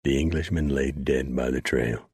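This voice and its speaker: A man narrating an audiobook in a steady, unhurried storytelling manner. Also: a bass voice, breathy edge, dry recording, clean studio sound.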